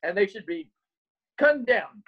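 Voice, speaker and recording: A man's voice: high voice, sing-song, unhurried, muffled recording. A man joking boisterously and cursing freely during a casual group video call. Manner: boisterous, profane joker.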